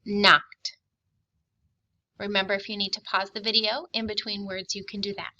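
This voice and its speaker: A woman teacher giving a recorded spelling and grammar lesson, reading words and sentences slowly and clearly, patient and encouraging. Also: medium pitch, little pitch movement, pushed and bright, dull audio. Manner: slow, clearly enunciated dictation, patient and encouraging.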